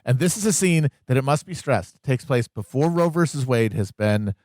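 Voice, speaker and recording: A man's voice: medium pitch, lively intonation, moderate pace, a little mellow. A man co-hosting a podcast, telling stories in a wry, casual way with frequent restarts. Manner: wry, storytelling, stammering restarts. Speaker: podcast co-host.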